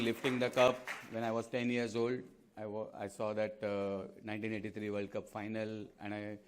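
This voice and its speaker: A man in his fifties from India, a guest speaker and former fast bowler, giving a speech at a club event with earnest, anecdotal storytelling and frequent fillers. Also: lowish voice, a little mellow. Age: 50s.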